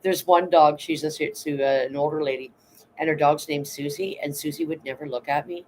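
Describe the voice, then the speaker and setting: A man's voice: a little high, steady tone, brisk, slight background noise, low-quality recording. A tired man chatting casually on a livestream, rambling and blunt, swearing now and then while reading out chat. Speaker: vlogger reading live chat.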